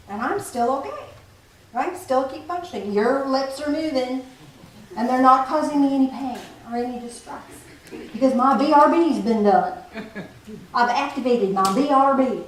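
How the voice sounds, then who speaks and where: A woman giving a playful, animated spiritual talk to a group, often laughing as she teaches. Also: high voice, normal speed. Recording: echoey room from far off, faint noise.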